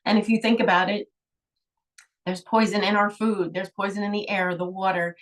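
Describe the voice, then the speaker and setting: A woman's voice: mid-range voice, little pitch movement, normal speed, far from the mic. A middle-aged woman, a holistic healer, telling a personal story in an emotional, rambling way, with sighs.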